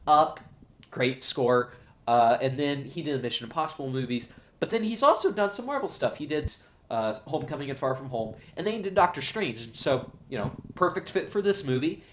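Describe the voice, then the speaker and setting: A man hosting his own show, giving an excited, gushing solo movie review. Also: fairly high pitch, brisk, a little hiss or hum. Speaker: show host, film reviewer.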